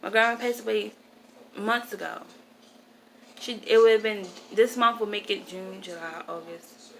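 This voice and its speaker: Speaking unhurriedly in a steady, medium-pitched voice, a vlogger in her twenties shares a rambling, grieving personal story to camera. She's upset and often corrects herself, and the low-quality recording carries slight background noise.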